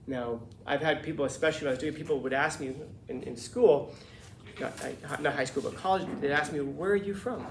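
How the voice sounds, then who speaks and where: A man's voice: on the high side, a little fast, slight background noise. Emphatic male teacher in an echoey classroom. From Los Angeles. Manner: conversational, emphatic, acts out quoted voices. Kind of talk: classroom lecture.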